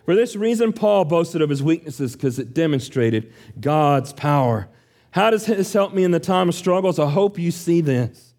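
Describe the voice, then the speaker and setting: A man's voice: on the high side, animated, normal speed, darkish tone. A man preaching an earnest, emphatic sermon, acting out quoted prayers and questions.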